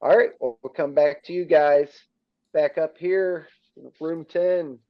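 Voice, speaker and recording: A man's voice: fairly high pitch, steady tone, takes it slowly, no echo. Casual male dungeon master, dull dry sound. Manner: casual, laughing, matter-of-fact rulings. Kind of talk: running a tabletop game.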